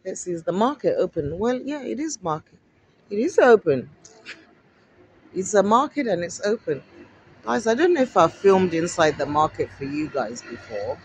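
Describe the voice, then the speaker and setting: A woman from Africa chatting to camera while she walks outdoors along a busy street. She repeats herself a lot, asks her viewers many rhetorical questions and gets excitable. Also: on the low side, normal speed, slight background noise, rough recording. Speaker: vlogger. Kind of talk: casual walking vlog to camera.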